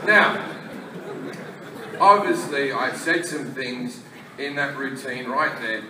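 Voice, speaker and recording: A man's voice: mid-range voice, slow pace, a crowd in the background, background noise. A man doing a crude, brash stand-up routine, swearing a lot and acting out voices on a comedy stage. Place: comedy venue with a laughing audience. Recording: echoey live club recording from a distance.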